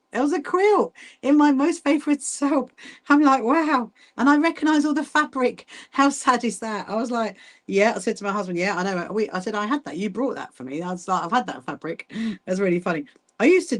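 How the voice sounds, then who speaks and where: Middle-aged woman, rambling livestream host, warm-voiced chatter over her hand sewing. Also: mid-range voice. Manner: chatty, rambling, many restarts and asides; greets viewers by name while hand sewing. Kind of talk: casual livestream chat.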